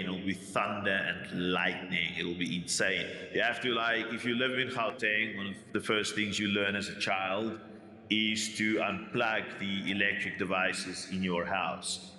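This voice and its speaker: Afrikaans-accented man, bright rough voice. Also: on the low side, reverberant, big-room sound, a little hiss or hum. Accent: Afrikaans South African, East Rand. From South Africa. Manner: rambling, many restarts and asides. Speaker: YouTube commentator. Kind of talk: reading a script, then rambling casual monologue.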